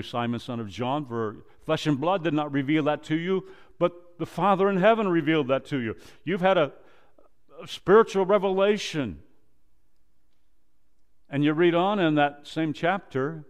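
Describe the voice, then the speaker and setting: A male pastor preaching a sermon, quoting scripture and acting out dialogue, swinging from loud emphasis down to a low hush. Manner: preaches slowly, rises loud then drops to a low hush; quotes scripture and acts out dialogue.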